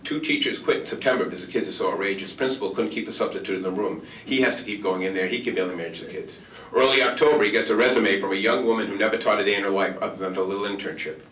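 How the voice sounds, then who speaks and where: A man's voice: fairly low pitch, racing, a bit bright, slight background noise. A man giving a motivational keynote, telling a humorous story and acting out the dialogue. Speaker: keynote speaker. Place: large conference hall. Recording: roomy hall, far from mic.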